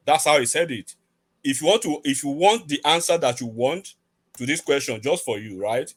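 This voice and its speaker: A man's voice: a little high, lively intonation, moderate pace, no echo. A man, arguing insistently on a heated panel debate and repeating himself to keep the floor.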